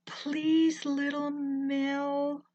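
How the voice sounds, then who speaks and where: A woman's voice: high voice, expressive, a little slow, dry recording, lo-fi sound, voice pushed up, full character voice. A woman voicing a kind, poor young brother who pleads with a magic mill in a sing-song chant. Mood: pleading.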